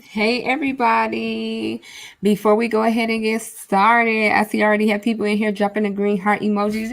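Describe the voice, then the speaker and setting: A woman's voice: medium pitch, fairly even intonation, normal speed, creaky. A young woman hosting a casual livestream on a large studio mic, chatting with viewers and reading out their comments. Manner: chatty, reads out viewer comments, says y'all often. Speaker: livestream host.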